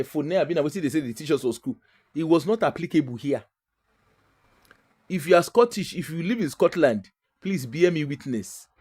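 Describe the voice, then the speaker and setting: A woman's voice: sits low, a little mellow, husky. A woman from Nigeria with a Nigerian accent, talking in a chatty, emphatic and digressive way as the host of a casual monologue.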